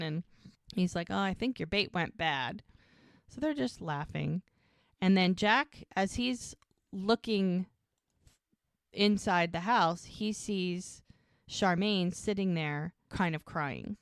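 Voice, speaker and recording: A woman with a lowish voice talks through a TV episode on her podcast, retelling each scene and quoting the characters' lines as she goes. The sound is close and dry, with no room around it. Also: slow pace, no room sound. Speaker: podcast co-host. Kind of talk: casual recap of a TV episode.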